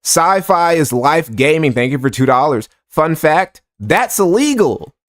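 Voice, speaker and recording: A man's voice: fairly high pitch, big pitch swings, measured pace. Sarcastic profane male streamer. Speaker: streamer reacting to clips. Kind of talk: casual livestream commentary.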